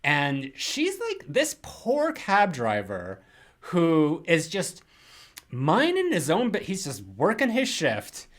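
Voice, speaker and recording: A young man rants about a film on a casual podcast, slipping in quick mocking impressions of its characters. His voice sits a little high and swings widely in pitch. He rambles with lots of fillers and restarts. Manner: animated, mocks characters in put-on quotes, rambling with many fillers. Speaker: podcast co-host.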